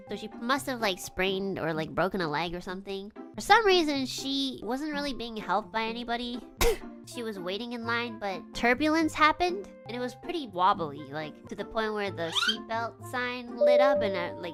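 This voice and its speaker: A young woman from Canada telling a story in casual chat, animated and swearing a lot, feeling nauseous. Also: fairly high pitch. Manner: animated, swears a lot, acts out quoted lines. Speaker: streamer.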